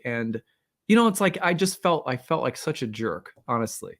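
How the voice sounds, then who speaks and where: A man's voice: mid-range voice, lively intonation, a little fast, creaky. A man hosting an astrology channel, telling a personal story in a candid, rambling way with many fillers and self-deprecating asides. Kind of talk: casual storytelling monologue.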